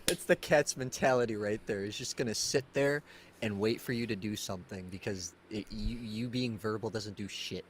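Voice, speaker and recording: A man's voice: lowish voice, moderate pace. Male guest, casual chat; loose, giggly, restarts words, light noise floor. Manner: laughs often, repeats words. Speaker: podcast guest, musician.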